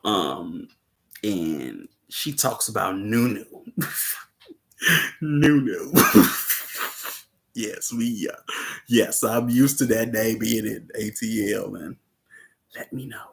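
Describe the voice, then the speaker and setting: A man's voice: medium pitch, gravelly. A man hosting a casual livestream about a film, laid-back, laughing often and chatting with viewers. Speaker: host discussing a film.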